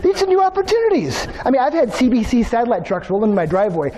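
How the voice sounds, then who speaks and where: A man giving an energetic motivational keynote, telling stories and speaking straight to the audience. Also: extremely high pitch, fast, slight background noise. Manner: energetic, storytelling, addresses audience directly.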